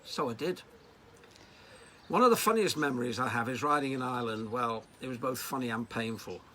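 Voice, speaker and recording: A man from Liverpool, a riding coach, telling personal anecdotes in a lively, storytelling way. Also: medium pitch, brisk, a little hiss or hum. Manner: anecdotal, lively delivery with acted quotes.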